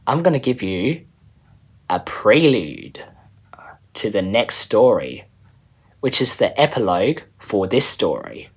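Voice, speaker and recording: A man's voice: lowish voice, big pitch swings, slow, long pauses, breathy edge. A man reading his own story aloud in a casual, chatty way as the channel's storyteller. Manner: casual, chatty, a little rambling.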